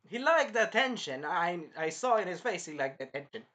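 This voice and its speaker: A man in his early twenties giving a rambling, casual movie review, jumping between topics with sudden loud outbursts. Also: high-pitched, lively intonation, a little fast, highs cut off. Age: early 20s. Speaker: film reviewer.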